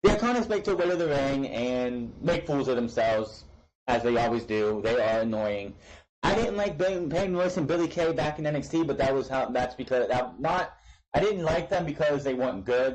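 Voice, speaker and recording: A young man giving a blunt, opinionated wrestling recap in casual talk. His voice sits at an ordinary mid pitch, and he often restarts sentences and swears offhandedly while he rants. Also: animated, fairly quick, a little mellow, low-quality recording. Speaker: wrestling show reviewer.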